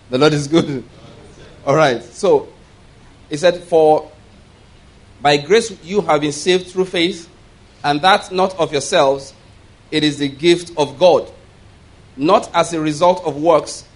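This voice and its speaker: Male pastor, sermon, reads verses and explains, congregation call-and-response, slightly high voice. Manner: reads scripture aloud and explains it line by line; asks "all right?" as a check-in.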